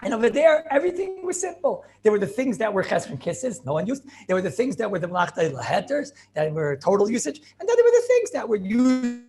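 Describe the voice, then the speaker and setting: Rambling, joking rabbi teaching a class. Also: male voice, high voice, big pitch swings, fast talker, creaky, few pauses, darkish tone, faint music behind. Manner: rambling, joking, asks the class questions, many fillers. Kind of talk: informal Torah class.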